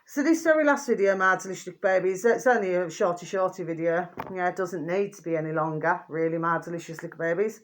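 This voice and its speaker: A woman hosting her own channel, talking in a rambling, casual monologue. She keeps asking if listeners know what she means and drops to a murmur between louder bursts. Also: fast talker, hardly any pauses. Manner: chatty, repeats pet phrases and asks "do you know what I mean"; often drops to a low murmur, then rises high and laughs. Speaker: channel host.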